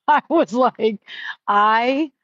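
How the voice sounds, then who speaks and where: A woman's voice: on the high side, drawn-out words, fairly bright tone, no room sound. A middle-aged woman telling stories in a casual live stream, chatty and heartfelt with many fillers. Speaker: livestream host. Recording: dry, slightly muffled stream audio.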